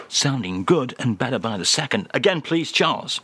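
A man's voice: mid-range voice, expressive, moderate pace, few pauses, fairly bright tone, slight background noise. A man hosting a comic radio segment, bantering in a chirpy, mock-pompous way. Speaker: radio host.

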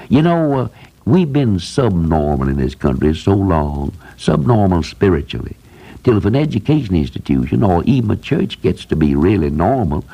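A man's voice: deep voice, big pitch swings, moderate pace, creaky, warm tone, slightly rough, lo-fi sound. An older man preaching an earnest radio sermon, building to emphatic repeated phrases. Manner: earnest, rising to emphatic repetition.

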